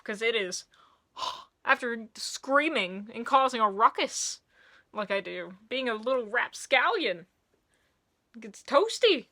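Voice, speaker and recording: A young woman rambling excitedly through a casual music review, gushing and sometimes singing along. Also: on the high side.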